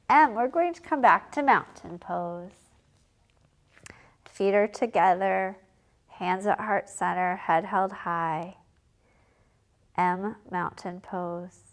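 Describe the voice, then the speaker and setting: A woman teaching a children's yoga class, giving calm, encouraging step-by-step cues. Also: fairly low pitch. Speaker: kids yoga instructor. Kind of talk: guided yoga lesson for children.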